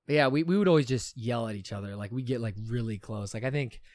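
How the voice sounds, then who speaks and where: A man's voice: mid-range voice, fast, dry recording. A young man in casual chat, telling stories animatedly with plenty of fillers. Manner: animated storyteller, lots of fillers.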